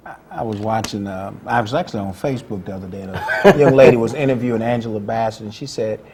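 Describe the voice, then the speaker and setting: A man hosting a casual interview, relaxed and encouraging with his guests. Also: on the low side, fast, noisy background. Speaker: host.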